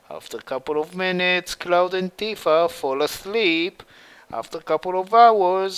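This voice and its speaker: A man narrating a fan story in a slow, plain, halting delivery. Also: on the high side, fairly bright tone, clean tone. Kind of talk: reading a fan story aloud.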